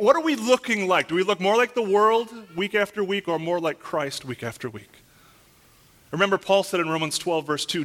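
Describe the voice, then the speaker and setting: A man preaching a sermon as pastor in a church, asking earnest rhetorical questions and building to loud, emphatic peaks over scripture. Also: on the high side.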